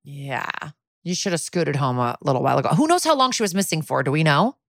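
A woman's voice: low voice, lively intonation, fast talker, creaky, dry recording, clean studio sound. A woman co-hosting a podcast, chiming in with short reactions and wry asides in casual chat. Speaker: podcast co-host.

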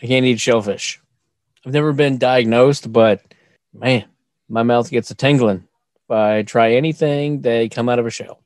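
A man's voice: mid-range voice, steady tone, moderate pace, darkish tone, dry recording. A man in casual podcast chat, joking around and playing along. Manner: joking, playful, laughs along.

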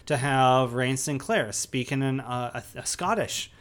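A man's voice: mid-range voice, a little slow, a bit bright. A man co-hosting a podcast, chatting casually through a movie review with many fillers and restarts. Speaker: podcast co-host.

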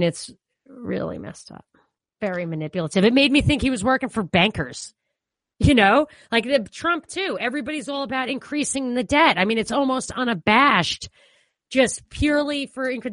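A woman's voice: medium pitch, no echo. Opinionated New York woman co-host. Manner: animated, opinionated, frequent fillers like "you know". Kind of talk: casual political commentary.

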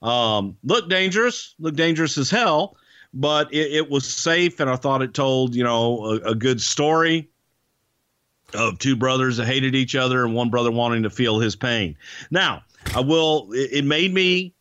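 Bright-voiced man telling backstage stories. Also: medium pitch, lively intonation, moderate pace, no echo, dull audio. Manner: rambling, restarts phrases, swears casually. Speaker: guest, former wrestling TV producer. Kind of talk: casual storytelling interview.

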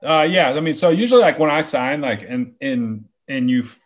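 A man's voice: medium pitch, expressive, moderate pace. A young man, a ballplayer guest, chatting casually in a laid-back, rambling way with lots of restarts. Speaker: baseball player guest. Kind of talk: casual interview chat.

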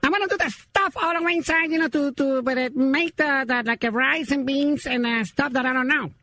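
A man's voice: very high-pitched, a little fast, bright, forceful tone, heavily acted. A man voicing a bumbling young caller, stammering and giggling through broken English. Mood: goofy. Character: bumbling young man calling a turkey hotline. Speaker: prank caller.

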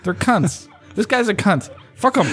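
A man's voice: high-pitched, sing-song, measured pace, a bit bright, faint music behind. A man hosting a podcast in casual chat, ranting and swearing freely. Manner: profane, ranting. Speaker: podcast host.

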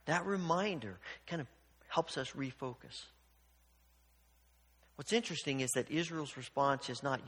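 A man preaching a sermon, animated, acting out the voices of God and the people with sarcastic asides. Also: mid-range voice, unhurried, husky, big-room sound. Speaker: pastor.

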